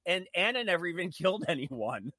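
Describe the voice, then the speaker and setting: A man co-hosting a casual chat, telling stories in an animated, emphatic way. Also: high-pitched, fairly quick, no room sound. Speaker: co-host.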